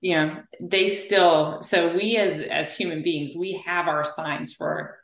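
Low-voiced woman in an echoey room. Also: slow pace, gravelly. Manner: animated storyteller. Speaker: guest, physical therapist. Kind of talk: conversational interview.

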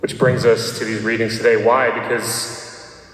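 A priest from Nashville giving a sermon, casual and joking, with many fillers. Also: male voice, medium pitch, level tone, unhurried. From Nashville, Tennessee. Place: church. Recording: echoey church hall.

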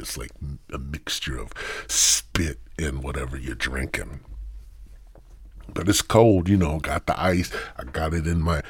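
A man's voice: extremely low pitch, a little hiss or hum. A man hosting a podcast in a rambling, crude, goofy monologue full of swearing. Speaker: podcast host.

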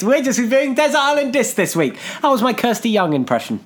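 A man's voice: very high-pitched, very animated, fast talker. A man co-hosting a comedy podcast, chatting casually with playful, swearing banter. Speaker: podcast co-host.

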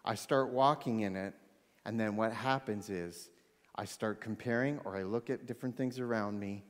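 A man preaching a sermon, animated, swinging between loud excitement and hushed intensity. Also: fairly low pitch, moderate pace. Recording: long hall reverb.

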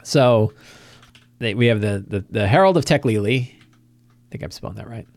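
A man's voice: lowish voice, normal speed, no room sound. A man hosting a game-master prep talk, casually recounting a tabletop session with frequent restarts. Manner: animated storytelling, acting out players' lines, frequent restarts. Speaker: host giving game-master prep advice.

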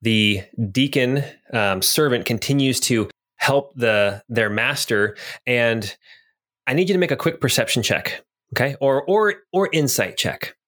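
A man's voice: medium pitch, lively intonation, unhurried, a bit bright. A man narrating a tabletop game as game master, descriptive with some hesitant fillers.

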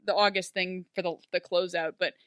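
A woman's voice: on the low side, steady tone, fairly quick, fairly bright tone, smooth, no room sound, clean studio sound. A woman casually recapping a TV episode, animatedly acting out the characters' lines and gushing over an emotional scene. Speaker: podcast co-host.

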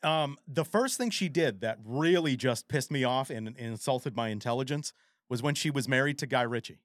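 A man co-hosting a podcast in casual chat, animated and rambling, with frequent swearing. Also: mid-range voice, normal speed, no echo, studio quality. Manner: animated, profane, rambling storyteller. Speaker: podcast co-host.

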